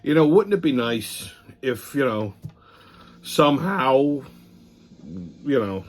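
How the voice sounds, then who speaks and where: A man's voice: medium pitch, expressive, slow. A man hosting a weekly political commentary show, ranting in a profane, heated, sarcastic way, rambling and restarting his sentences.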